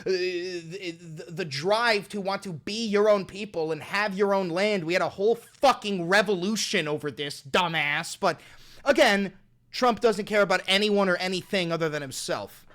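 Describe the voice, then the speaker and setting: A man's voice: high-pitched, normal speed, a bit bright. A man streaming a heated, profane rant as he reacts to an interview, talking sarcastically and straight to his chat. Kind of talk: profane, ranting political commentary.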